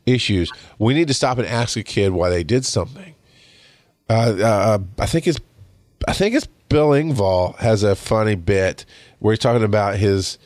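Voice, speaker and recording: A man in his forties hosting a podcast, telling stories in a rambling, animated way with lots of restarts. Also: lowish voice, no echo. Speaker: podcast host. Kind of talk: casual storytelling monologue.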